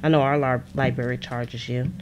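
A woman's voice: a bass voice, flat delivery, moderate pace, very noisy. A woman hosting a crafting livestream from her desk at home, chatting casually, laughing often and answering viewers' comments. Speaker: crafting channel host.

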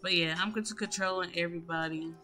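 A woman's voice: lowish voice, fairly even intonation, quick pace, pushed and bright. A woman giving casual, chatty gameplay commentary in slangy speech, addressing her viewers directly. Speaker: gaming YouTuber. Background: music.

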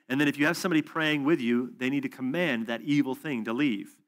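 A man preaches at a conference breakout session in an everyday, mid-pitched voice. He tells stories loosely, with fillers and asides, and now and then rises in pitch and volume to stress a point. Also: fast, few pauses. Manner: storytelling, conversational with asides and fillers.

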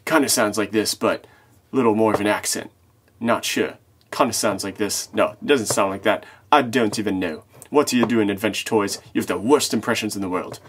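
A man voicing a gruff male bounty hunter who lost his armor, in a low, mumbled, self-mocking put-on voice. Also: fairly quick. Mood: grumbling.

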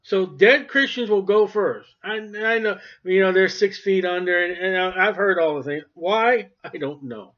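A high-pitched man preaches a sermon, hammering points loudly and then dropping to near-murmurs. The recording is dull and lo-fi, with the top end rolled off. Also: normal speed, hardly any pauses. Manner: emphatic, swings between loud and quiet.

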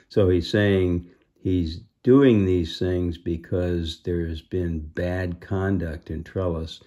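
Brief: man reading a kids' book aloud, unhurried, mellow tone, chatty asides. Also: low voice, fairly even intonation. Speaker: reader of a children's book.

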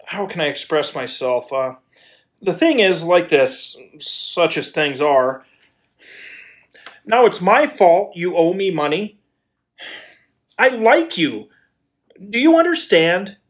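A blustering landowner, hot-tempered yet suddenly lovestruck, as a man acts him out. He stammers and pleads, slow and halting, with a voice that leaps from low mutters to high outbursts. A community audio-play performance. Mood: flustered. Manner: stammering, then bursts into shouted pleas. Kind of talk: amateur radio play acting.

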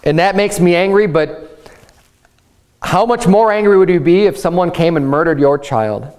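Man, pastor, high-pitched, fervent sermon, repeats and restarts himself. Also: moderate pace, darkish tone. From United States. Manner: impassioned preaching, many restarts and repetitions.

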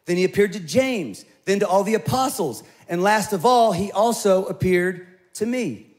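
A middle-aged man who is the pastor, preaching a sermon in a conversational, animated storytelling way with playful asides. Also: high-pitched, moderate pace.

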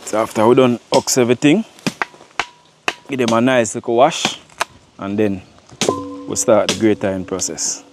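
A man's voice: lowish voice, fairly even intonation, normal speed, long pauses, music in the background. A man chatting directly to his viewers as he walks them through cooking outdoors. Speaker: cooking vlogger. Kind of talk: casual cooking demonstration.

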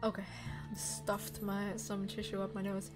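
A woman's voice: medium pitch, completely flat delivery, a little slow, over music. A woman streamer reacting playfully to a game with giggly comments.

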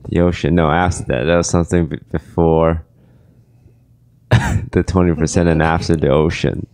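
A tired, groggy man co-hosting a casual podcast chat with a dry, deadpan delivery. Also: very deep voice, moderate pace, dry recording. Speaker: podcast co-host.

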